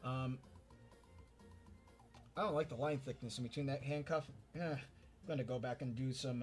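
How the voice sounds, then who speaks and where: A man's voice: fairly high pitch, moderate pace. A man hosting a casual drawing live stream, rambling and repeating words as he reads chat aloud. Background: faint background music.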